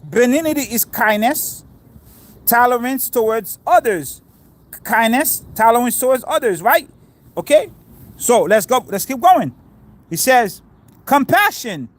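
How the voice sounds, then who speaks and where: A man's voice: very high voice, very animated, a little slow, long pauses. A man giving a casual outdoor scripture lesson while sitting on the grass. He talks informally, quizzes his listeners and explains each term. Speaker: spiritual teacher.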